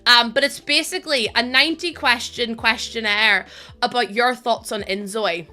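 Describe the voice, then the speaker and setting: Northern irish girl streaming, talks super fast, tired, bright sharp voice. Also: fairly high pitch, faint music behind. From Northern Ireland. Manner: very fast talking, chatty, laughs often. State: tired from lack of sleep. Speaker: live streamer. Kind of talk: casual chat with a stream audience.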